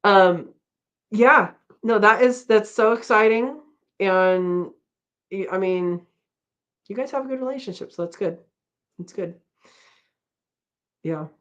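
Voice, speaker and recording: A woman's voice: mid-range voice, slow, pauses often, a bit bright. A middle-aged woman hosting a casual live-stream chat, rambling and laughing often as she reads out comments. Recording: dull lo-fi stream audio.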